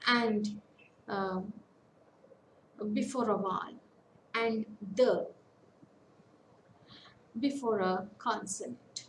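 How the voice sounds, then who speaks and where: A woman giving an online lecture, slowly listing example words one by one with pauses. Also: mid-range voice, fairly even intonation, reverberant, a little hiss or hum, rough recording. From India. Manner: slow, deliberate, lists words one by one with pauses. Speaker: academic counsellor. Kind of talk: online lecture on English phonetics.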